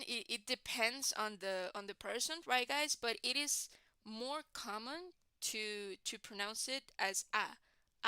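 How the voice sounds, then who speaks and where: Woman teacher, talks real slow, bright clear voice, keeps saying right guys. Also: fairly high pitch, no echo. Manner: repeats "right, guys?" often, restarts and repeats words. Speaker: English teacher. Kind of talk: slow classroom explanation.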